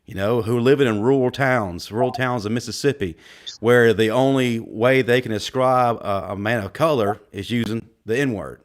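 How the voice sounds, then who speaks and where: A man's voice: mid-range voice, normal speed. A man in a casual panel discussion who speaks with hesitations and restarts, then says his points firmly. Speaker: podcast guest.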